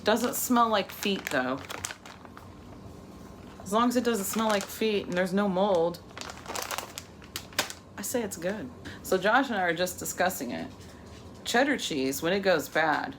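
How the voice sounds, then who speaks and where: Middle-aged woman, chatty home cooking vlog, low voice, noisy kitchen recording. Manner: chatty, laughs often. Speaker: vlogger. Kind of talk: casual cooking vlog chat.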